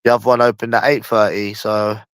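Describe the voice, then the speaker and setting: A man with a London accent hosts a casual livestream chat, rambling and repeating himself, sometimes dragging his words out slowly, with slang and swearing. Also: on the low side, flat delivery, fairly bright tone, smooth, no echo. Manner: rambling and repetitive, often slow and drawn out, with slang and swearing. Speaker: livestream host.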